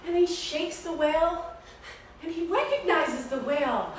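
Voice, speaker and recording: A woman teaching kids' yoga, telling a story in a playful, animated, encouraging way. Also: very high-pitched, unhurried. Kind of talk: storytelling yoga class for children. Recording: echoey room, voice far from mic, faint noise.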